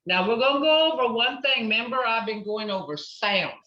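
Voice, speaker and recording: A woman teaching a language class, patiently repeating words slowly to model pronunciation. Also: fairly high pitch, animated. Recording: roomy, distant, dull lo-fi classroom recording.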